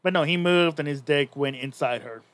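A man's voice: fairly high pitch, normal speed, a bit bright, no room sound. A man co-hosting a podcast, casually recapping a story in a rambling way with many restarts. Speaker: podcast co-host.

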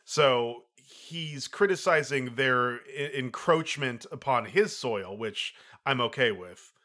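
A man co-hosting a film review podcast in casual chat, thoughtful and halting, often restarting his sentences. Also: mid-range voice, pushed and bright. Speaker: podcast co-host.

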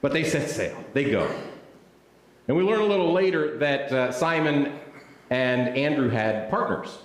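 Animated man preaching in an echoey hall. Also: mid-range voice, a little slow. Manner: animated, joking, acting out scenes. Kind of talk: storytelling sermon. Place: hall with audience.

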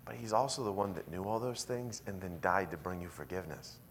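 A man pastor preaching a sermon in a church, telling a story with animated swings from hushed, intimate lines to loud, emphatic ones. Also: sits low, fairly quick, slight background noise.

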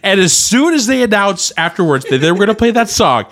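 A man's voice: sits high, very animated, brisk, a bit bright. A young man co-hosting a casual podcast, telling stories with lots of swearing and laughter. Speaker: podcast co-host. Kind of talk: casual chat.

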